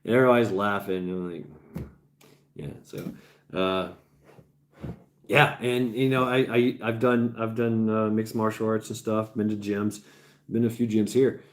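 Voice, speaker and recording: A man's voice: lowish voice, fairly even intonation, measured pace, pauses often. A man in his forties chatting on a livestream as its host, rambling, swearing freely, laughing often and repeating himself, tired after hours on air. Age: 40s. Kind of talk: casual livestream chat.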